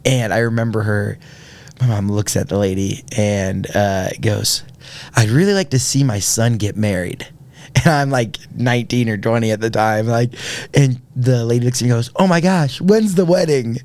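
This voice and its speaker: Earnest man, lower voice. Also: normal speed, darkish tone. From Indiana, USA. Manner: earnest, many filler words and restarts. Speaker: podcast guest. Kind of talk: casual storytelling.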